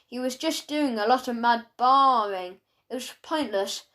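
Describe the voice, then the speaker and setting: A woman narrating a children's audiobook in a lively storytelling manner. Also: a little high, unhurried.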